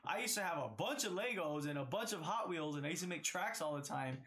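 A man in casual chat, telling a story with lots of swearing and loud reenacted yelling. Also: fairly high pitch, fast. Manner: animated, profane, yells reenacted reactions. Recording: faint background noise.

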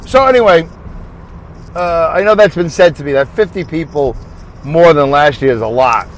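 A man's voice: a little high, expressive, moderate pace, slight background noise, low-quality recording. A man hosting a casual solo podcast, rambling and thinking aloud, asking and answering his own questions. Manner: leads listeners through a breathing break. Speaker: podcast host.

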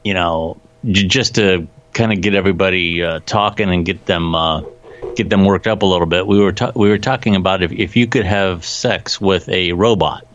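Deep-voiced man chatting, stammering restarts. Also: moderate pace, fairly bright tone, muffled recording. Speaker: podcast co-host. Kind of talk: casual chat.

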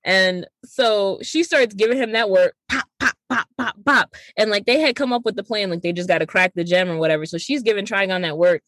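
A woman co-hosting a podcast, recapping a movie in casual chat and acting out the characters' lines in quick voices. She is slangy and swears freely. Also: mid-range voice, no room sound. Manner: animated, acts out characters' lines in quoted voices; slangy and profane. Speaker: podcast co-host.

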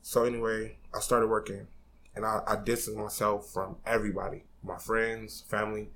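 A man's voice: lowish voice, flat delivery, moderate pace, a bit bright, a little hiss or hum. A man in his twenties on a podcast, candidly telling a personal story in a casual, slangy way, swearing freely and getting emotional. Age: 20s.

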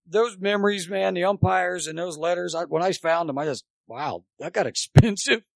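A man with a rough, gravelly edge and a slightly raised pitch rambles through animated stories from his coaching days. He talks as a chatty guest, loose and anecdotal. The sound is dry and close. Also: moderate pace, no room sound. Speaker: guest, former college baseball coach.

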